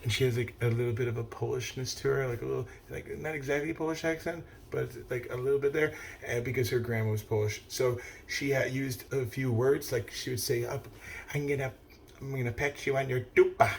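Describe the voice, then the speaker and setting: A man's voice: mid-range voice, fairly even intonation, brisk, creaky, hardly any pauses, slight background noise. A middle-aged man rambling casually to his viewers, swearing often and filling his talk with "like" and "uh". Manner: rambling, heavy swearing, many fillers and restarts. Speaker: vlogger. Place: outdoors, standing still.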